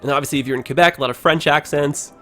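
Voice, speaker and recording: A man's voice: fairly high pitch, fairly even intonation, very fast, bright, forceful tone, soft background music. A man with a Toronto Canadian accent, chatting casually over his gameplay as a livestreamer and filling his talk with "like" and "you know".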